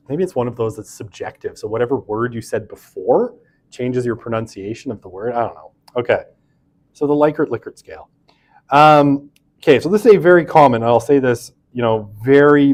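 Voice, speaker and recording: A man's voice: medium pitch, a little mellow. A man teaches a university class in a loose, conversational way. He fills his sentences with asides and fillers and pokes fun at himself as he explains. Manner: chatty, many fillers and asides, self-deprecating. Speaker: university lecturer. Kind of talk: casual classroom lecture.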